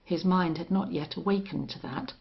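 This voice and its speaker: A woman narrating an audiobook in a steady, unhurried way. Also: lowish voice, gravelly. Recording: dull lo-fi audio.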